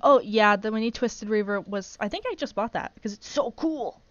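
A woman hosting a casual live stream while gaming, gushing and excitable as she rambles along. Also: medium pitch, brisk, no room sound, dull audio. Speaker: streamer host.

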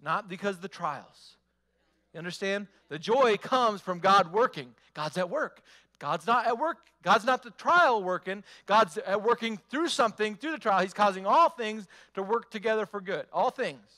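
A man preaching with a high, bright voice. He drives his points home with repetition and rhetorical questions in an emphatic pastor's delivery. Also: lively intonation, moderate pace. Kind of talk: sermon.

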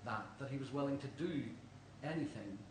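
A man's voice: medium pitch, animated, a little fast. An Irish man preaching a sermon in a church, earnest and questioning, telling stories to the congregation. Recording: roomy church, distant mic, faint hum.

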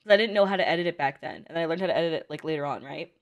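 A young woman with a low-sitting voice chats casually while reacting to an anime movie. She's emotional and full of slang, laughing easily and quickly getting teary.

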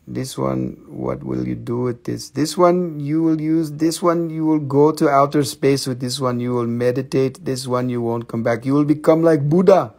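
An excitable man hosts a live crystal sales show from a shop, cracking jokes in broken English. His voice has a gravelly edge. His everyday pitch sits in the middle range. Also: moderate pace, hardly any pauses.

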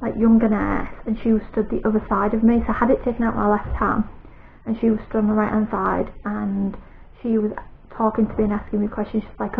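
A woman's voice: medium pitch, flat delivery, fast, creaky. A British woman vlogging in casual chat to camera, telling her story in a rambling, anxious way. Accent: British English. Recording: tinny phone-like sound with faint noise.

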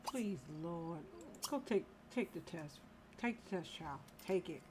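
A woman's voice: on the low side, lively intonation, unhurried, background noise. Exasperated woman scolding game characters. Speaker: gameplay commentator. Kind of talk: casual let's-play commentary.

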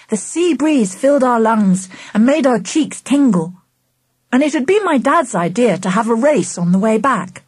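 A woman narrating a children's book in first person, with expressive storytelling. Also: a little high, breathy edge, dry recording. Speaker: audiobook narrator.

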